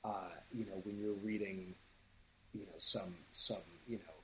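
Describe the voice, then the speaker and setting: A man's voice: lowish voice, little pitch movement, measured pace, bright, forceful tone, roomy sound, a little hiss or hum, rough recording. A man who works as an audiobook narrator, talking casually in an interview in a thoughtful, rambling way with many fillers and restarts.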